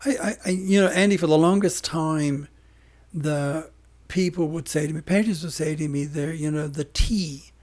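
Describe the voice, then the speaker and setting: A man talking as a podcast guest in casual interview talk, hoarse and losing his voice, rambling with emphatic restarts. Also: on the high side, normal speed, a little mellow.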